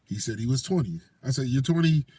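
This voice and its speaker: A man, telling animated stories in casual chat and acting out the voices of the people in them. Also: mid-range voice, quick pace, husky, dry recording. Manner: animated storyteller acting out quoted voices, laughing often. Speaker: co-host.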